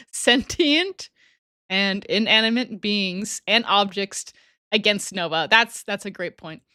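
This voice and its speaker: Bright, giggly woman streamer. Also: mid-range voice, dry recording, studio quality. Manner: giggly, chatty, often trails off and restarts. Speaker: livestream host. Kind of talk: casual livestream chat reading super chats.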